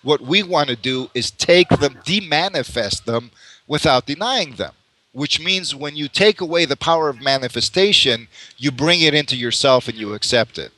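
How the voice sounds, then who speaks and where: A man's voice: a little high, expressive, normal speed, pushed and bright, no room sound. A man in a casual conversation on mysticism, musing at length, restarting phrases and laughing often. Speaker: spiritual teacher in conversation.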